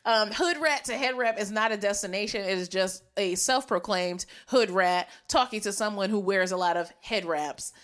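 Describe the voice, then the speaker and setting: A woman's voice: medium pitch, normal speed, few pauses, fairly bright tone. A young woman from Maryland and Puerto Rico co-hosting a podcast, playful and teasing. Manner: playful teasing, lots of laughter. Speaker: podcast co-host. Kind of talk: casual podcast chat.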